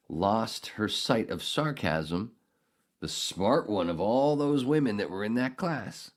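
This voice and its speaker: A man hosting a solo podcast, ranting angrily and sarcastically with heavy profanity. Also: fairly low pitch. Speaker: podcast host.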